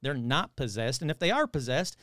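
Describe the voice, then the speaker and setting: A man's voice: mid-range voice, very animated, fairly quick, fairly bright tone, no echo, clean studio sound. A male podcast host reading odd news aloud with sarcastic, irreverent asides. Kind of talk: casual podcast commentary.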